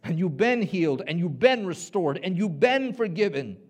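Man, pastor, high-pitched voice, fervent sermon, repeats himself, rallies the crowd. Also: very animated, moderate pace. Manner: emphatic, repeats words, rallies listeners.

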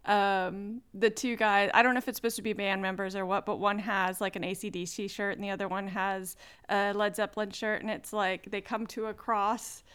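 A woman's voice: medium pitch, little pitch movement, normal speed, a bit bright, smooth. A woman in her thirties co-hosting a casual podcast, talking chattily with lots of fillers and laughter. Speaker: podcast co-host. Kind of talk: casual chat.

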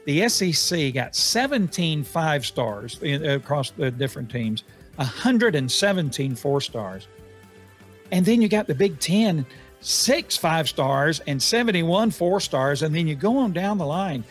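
A man's voice: a little high, animated, faint music behind. A man hosting a sports talk show, chatting casually with lots of fillers and restarts. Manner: halting, many fillers and restarts.

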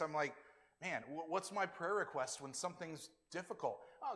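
A man preaching to his church, casual and conversational, slipping into the voices of the people he quotes. His voice sits a little high, and a long reverberant tail hangs behind it as in a large sanctuary. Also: a bit bright. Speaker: pastor. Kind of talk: sermon.

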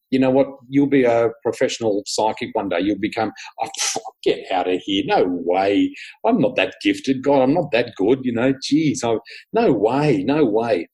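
A middle-aged man with a husky voice, a psychic guest chatting casually and animatedly, acting out what people say. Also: lowish voice, poor audio. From Australia. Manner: animated storyteller, often laughing, acts out quotes. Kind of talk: casual interview chat.

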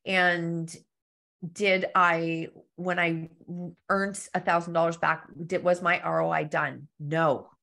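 A woman's voice: on the low side, steady tone, takes it slowly, gravelly, pushed and bright. A woman guest on a live-stream interview, talking earnestly and candidly through personal anecdotes over a remote call mic. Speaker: guest, storytelling business coach.

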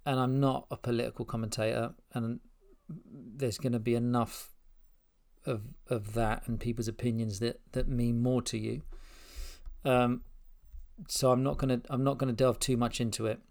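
Gravelly man speaking from the heart. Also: medium pitch, flat delivery, normal speed, darkish tone. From Spain and England. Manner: rambling, heartfelt, many restarts. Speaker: podcast host. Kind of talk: unscripted personal address. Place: spare room at home.

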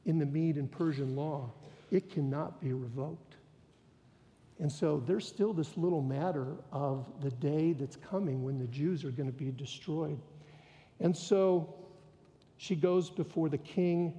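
A man preaching a sermon, retelling a story with lively emphasis and voicing the people in it. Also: a little high. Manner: storytelling, quoting characters with rising emphasis. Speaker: pastor. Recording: long hall reverb.

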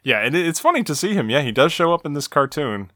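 A man's voice: fairly high pitch, very animated, fast talker, a bit bright, dry recording, studio quality. A man hosting a podcast, recapping a cartoon episode in a casual, conversational way with frequent restarts. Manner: conversational, stumbling restarts, laughing. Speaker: podcast host.

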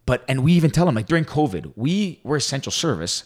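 A man co-hosting a podcast, chatting casually and telling animated stories with acted-out quotes. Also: mid-range voice, fast. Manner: animated storyteller, acts out quotes. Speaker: podcast co-host. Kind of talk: casual chat.

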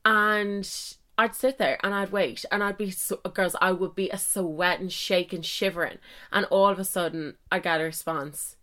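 A woman's voice: medium pitch, steady tone, moderate pace, pushed and bright. A young woman hosts her own podcast in a loose, chatty solo monologue. She pokes fun at herself and drops mild swears all through her talk. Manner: chatty, self-mocking, swears mildly. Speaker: podcast host. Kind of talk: casual solo podcast chat.

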